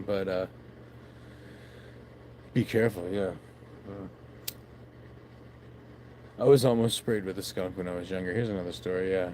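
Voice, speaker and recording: A man's voice: low voice, fairly even intonation, a little slow, pauses often, darkish tone, a little hiss or hum. A man vlogging by his backyard shed late at night into his phone, rambling casually, swearing and laughing at himself.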